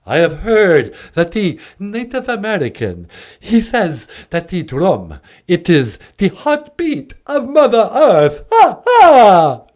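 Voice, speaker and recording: A man's voice: high-pitched, wildly swooping pitch, takes it slowly, darkish tone, pitched above the performer's own voice, heavily acted. A man doing a put-on Transylvanian accent as a theatrical male vampire count who is obsessed with counting and laughs "ah, ah, ah".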